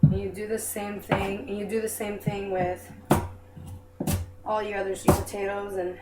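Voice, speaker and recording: At a normal speed and a medium pitch with little movement, a young woman chats as she prepares food for a casual cooking demonstration. She's self-deprecating and apologetic, recorded in an echoey home kitchen with background noise.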